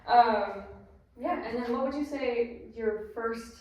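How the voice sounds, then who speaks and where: A woman's voice: on the high side, slow, a little mellow, dull audio, a little hiss or hum. A woman hosting a casual podcast interview, asking questions with plenty of fillers. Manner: asks questions with many fillers. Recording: echoey room, distant mic.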